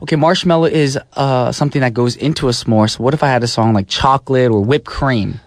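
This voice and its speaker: A man's voice: medium pitch, fairly quick, background noise. A man hosting a pop radio show from a studio, talking with playful, slangy energy. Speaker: radio DJ and host. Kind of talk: radio DJ chat. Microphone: studio microphone.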